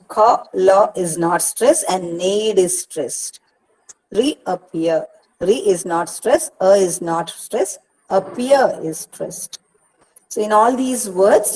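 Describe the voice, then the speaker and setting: A warm, medium-pitched woman with an Indian English accent leads an online lecture as a university counsellor at a Kerala, India regional study centre session. She patiently goes over words again and breaks them into syllables, though the recording quality is low.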